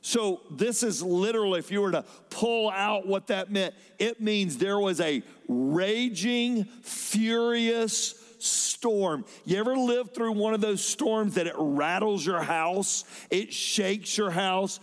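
A man preaching a sermon as a pastor, with dynamic delivery that swings between loud emphasis and soft drops. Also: high-pitched, slow pace, hardly any pauses. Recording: long hall reverb.

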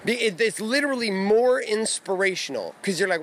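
A man's voice: sits high, expressive, a little fast, a bit bright. A man in his thirties talking blunt and profane in a casual monologue, recorded in his backyard. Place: backyard outdoors.

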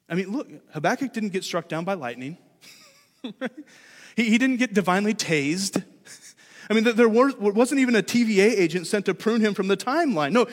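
Brief: male pastor, slightly higher voice, chatty animated sermon, long church reverb. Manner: conversational, animated preaching with shifting loudness. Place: church sanctuary.

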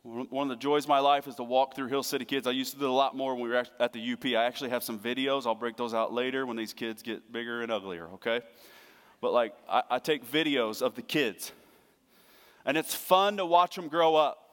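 A man's voice: medium pitch, fairly even intonation, a little fast, clean tone. Earnest man preaching in a reverberant hall. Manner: earnest, swings from hushed to emphatic. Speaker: pastor. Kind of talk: sermon. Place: church sanctuary.

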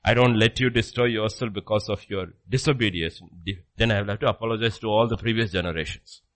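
A man preaching a sermon, jumping from loud exclamations to hushed low asides, acting out questions and answers and checking in with "okay?". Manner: acts out dialogue with rapid questions and answers; repeats phrases, frequent "okay?" checks.

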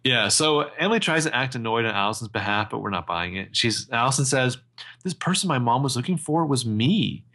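A man's voice: mid-range voice, lively intonation, brisk, sharp tone. A man co-hosting a casual podcast, recounting scenes of a TV episode and reading characters' lines. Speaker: podcast co-host recapping a TV episode. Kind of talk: casual recap chat.

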